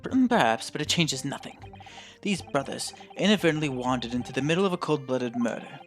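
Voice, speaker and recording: A haughty prosecutor from a courtroom video game, as a man voices him. His speech is formal and cutting, at a middle pitch. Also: animated, a little fast, soft background music, close to an everyday voice. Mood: cold. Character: cold, haughty male prosecutor.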